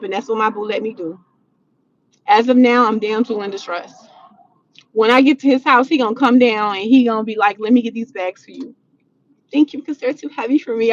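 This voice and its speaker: Blunt high-voiced woman on a livestream. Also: highs cut off. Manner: blunt, animated, slangy, swears freely. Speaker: livestream host answering chat. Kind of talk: casual live chat. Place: in a vehicle, driving.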